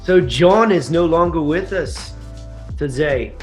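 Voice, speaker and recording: Chatty man with a higher voice. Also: expressive, soft background music. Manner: quick, chatty reactor asking questions. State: slight cough. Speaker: podcast co-host. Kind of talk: casual chat.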